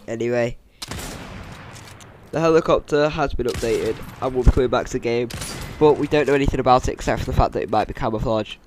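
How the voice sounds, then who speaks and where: A man, chatting casually through game news as a YouTuber, with jokey asides and a fairly monotone delivery. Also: medium pitch, quick pace, noisy background. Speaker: gaming YouTuber. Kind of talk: casual game-news commentary over gameplay.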